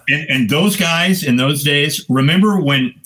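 Older man spinning lively anecdotes. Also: on the high side. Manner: lively raconteur, acts out quoted voices, swears freely. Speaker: guest photographer. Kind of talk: casual anecdotal storytelling.

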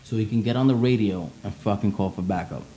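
A man's voice: lowish voice, fast talker, noisy background. A man, an army veteran, telling a war story in casual, profane talk and acting out quotes. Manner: profane, animated, acts out quotes.

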